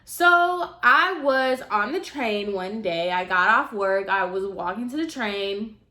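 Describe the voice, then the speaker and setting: A young woman vlogger telling a personal story in a chatty, animated way, full of asides. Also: medium pitch, a little slow. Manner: chatty, animated, fillers like "mind you". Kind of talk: casual storytime.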